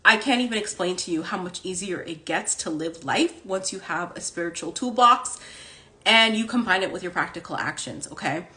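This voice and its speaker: A woman hosts a casual spiritual livestream, chatting into a phone and filling her speech with "like" and "okay?". Her voice is on the low side and expressive, with a sharp tone and a moderate pace.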